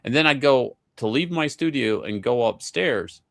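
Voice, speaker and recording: A man telling a casual story in an animated, profane way, with many stammering restarts. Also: medium pitch, normal speed, gravelly.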